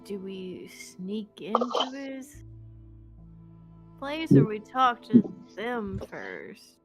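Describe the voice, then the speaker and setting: Slow-talking questioning woman player. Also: medium pitch, big pitch swings, over music. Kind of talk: casual game talk.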